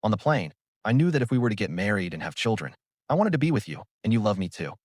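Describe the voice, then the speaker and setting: A man's voice: fairly low pitch, big pitch swings, fast talker, a little mellow, no echo, clean studio sound. Teasing young woman, voiced by a man. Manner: sweet and playful.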